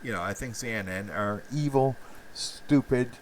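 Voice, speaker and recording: A man's voice: lowish voice, brisk, recorded from a distance, slight background noise, rough recording. A man hosting a live stream, rambling profanely with many fillers and restarts while reacting to chat.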